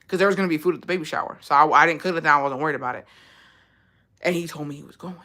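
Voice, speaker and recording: A woman's voice: low voice, rapid-fire, bright, forceful tone. A woman vlogger giving blunt, profane advice in a casual chat, telling a story with lots of swearing.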